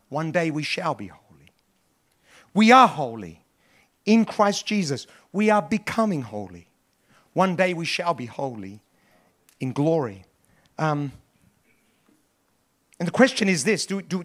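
A middle-aged man preaching a sermon as pastor, emphatic and repetitive, swinging between loud stresses and soft asides. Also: on the high side, big pitch swings, a little slow, pauses often.

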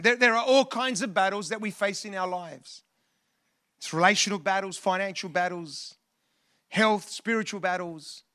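High, bright-voiced man preaching. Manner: preaching with restarts, call-and-response to the congregation. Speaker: pastor. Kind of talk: sermon. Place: church.

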